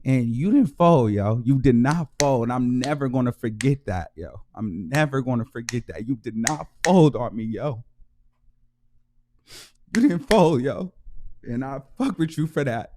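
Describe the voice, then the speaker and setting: A man hosting his own channel, giving heartfelt shout-outs in slangy casual talk and repeating himself for emphasis. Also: medium pitch, animated, unhurried. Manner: heartfelt, emotional. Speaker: YouTube show host. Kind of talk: casual vlog shout-out to viewers.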